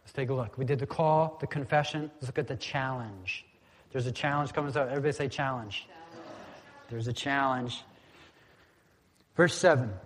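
Male pastor with a slightly high voice; preaches casually, has the room repeat key words, church hall with a long echo tail. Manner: conversational, asks congregation to repeat words. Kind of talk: sermon. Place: church sanctuary.

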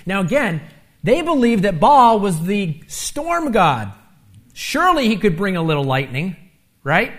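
A pastor preaches an animated, conversational sermon full of asides and tag questions, getting loud when he acts out the taunts. His voice is high-pitched and a little slow.

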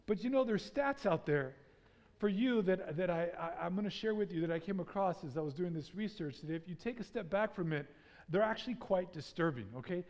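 A man preaching to a congregation, telling a story with animated energy and putting statistics to the crowd. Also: high voice, normal speed. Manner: animated storytelling, acting out his own panic. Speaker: pastor. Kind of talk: sermon. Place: church sanctuary. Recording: long church reverb.

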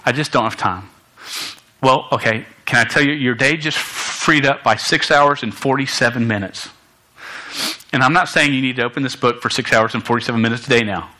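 A young man preaching a sermon to students in a church, animated and stumbling over words, with joking asides. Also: mid-range voice, brisk, low-quality recording. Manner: animated, many restarts and stammers, jokey asides. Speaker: youth pastor.

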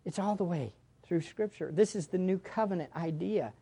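A woman preaching a sermon, speaking to her listeners directly, repeating key phrases and swinging between loud and hushed. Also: fairly low pitch, expressive, moderate pace, slightly rough. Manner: addresses the congregation directly.

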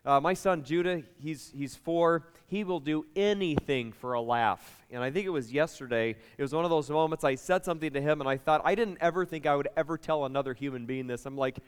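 A man preaching a sermon, a pastor telling lively stories and talking with his congregation. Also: on the high side, fairly quick, hardly any pauses, clear, resonant tone, big-room sound. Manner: lively, chatty storytelling with the congregation.

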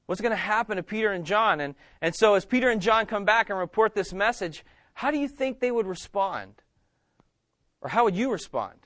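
A man's voice: high voice, fairly quick, no echo. A man, preaching a sermon as pastor in a church and putting questions to the congregation. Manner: animated, asks the congregation questions.

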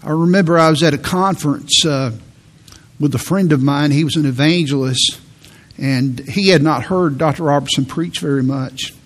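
A man in his sixties preaching a sermon to a congregation, telling a story in a halting way and often repeating his words. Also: a little high. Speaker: pastor.

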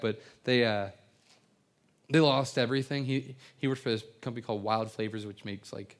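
A man preaching an evening sermon, telling stories earnestly with frequent stammered restarts and repeated words. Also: mid-range voice. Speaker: pastor.

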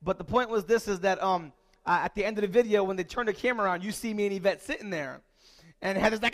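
A man preaching as a pastor, moving from a relaxed story to loud, repeated calls to the congregation. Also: sits high, very fast. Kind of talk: sermon.

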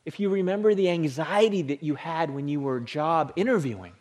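A man preaching a sermon, animated, sinking into a hushed low voice on the holy words. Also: a little fast. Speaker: pastor.

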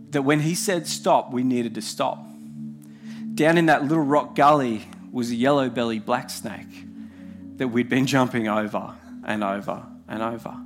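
A young man preaching a heartfelt sermon with repeated phrases, soft music behind. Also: mid-range voice.

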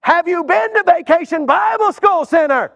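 A man voicing a brusque male gatekeeper at heaven's gates who loudly interrogates a newcomer. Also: very high voice, lively intonation, normal speed, creaky, big-room sound, voice pushed up, heavily acted. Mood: interrogating. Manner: loud, incredulous, interrogating.

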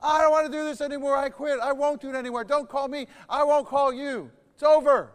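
Preacher doing a loud, fed-up prophet, high voice, reverb from a big hall. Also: male voice, measured pace. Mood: frantic. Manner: loud, agitated complaining. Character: despairing, worn-out male prophet ready to quit.

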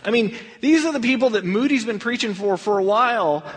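A man's voice: high voice, expressive, brisk, fairly bright tone, husky, long reverb tail. A man teaching a verse-by-verse Bible study in a conversational way, acting out the people in the stories. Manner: conversational, acts out dialogue in quotes.

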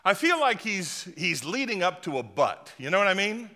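Male pastor, lively and humorous sermon, bright tone, echoey hall. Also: sits high, normal speed, gravelly. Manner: lively, humorous and emphatic preaching.

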